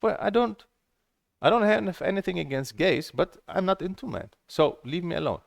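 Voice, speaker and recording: Blunt ranting male vlogger, gravelly and lively, dry close sound, swears freely. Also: high voice, moderate pace, no echo. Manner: blunt, heated and profane; repeats himself, restarts phrases. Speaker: table tennis game vlogger. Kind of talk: casual ranting monologue.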